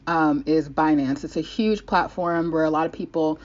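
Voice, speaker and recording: A woman's voice: sits low, fairly even intonation, moderate pace, darkish tone, muffled recording. A young woman from the United States, a vlogger rambling in casual talk to the camera, restarting her sentences often.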